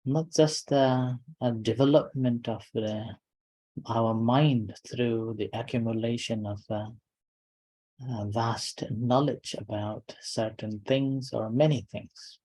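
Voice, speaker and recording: A man giving a calm dharma talk as a meditation teacher, in short, unhurried phrases with pauses between them. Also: medium pitch, low-quality recording.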